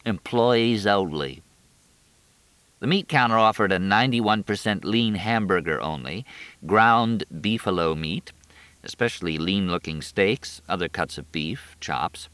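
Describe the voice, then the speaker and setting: A man reading a story aloud as narrator, in an expressive storytelling manner. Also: low-pitched, normal speed, dry recording. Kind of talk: audiobook narration.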